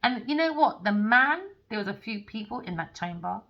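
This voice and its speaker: A woman's voice: mid-range voice, expressive, moderate pace, dull audio. A tarot reader woman ranting in a heated, casual, profane way.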